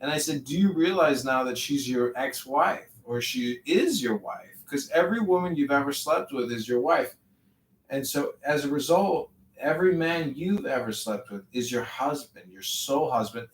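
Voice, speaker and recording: Guy preaching about god and the universe, rambly, kinda far off the mic in an echoey room. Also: mid-range voice. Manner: preachy, rambling, swings between calm and fervent. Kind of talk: rambling spiritual chat. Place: online audio chat room. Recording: echoey, distant audio-room capture.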